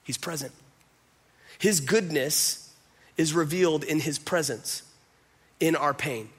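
A man pastor with a fairly high-pitched voice, preaching a sermon in an earnest, emphatic way. He also slows to soft, quiet phrases. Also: slightly rough.

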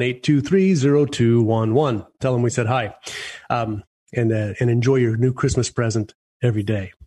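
A man's voice: mid-range voice, a little mellow. A man hosting a radio talk show, blunt and jokey in his opinions.

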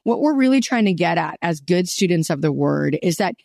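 A woman's voice: fairly low pitch, expressive, fairly quick, vocal fry, darkish tone, no echo, studio quality. A woman hosting a faith interview, enthusiastic and teacherly, often affirming her guest. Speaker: podcast host.

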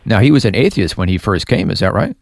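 A man hosting an interview, asking steady questions and adding brief encouraging remarks. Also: lowish voice, quick pace, vocal fry. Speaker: radio interviewer, host.

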